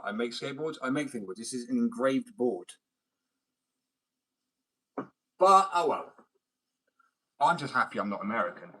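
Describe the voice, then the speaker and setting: A man's voice: medium pitch, sharp tone, rough recording. A man from Germany, a skateboard artist, ranting back at viewer comments in a combative, mocking and blunt way.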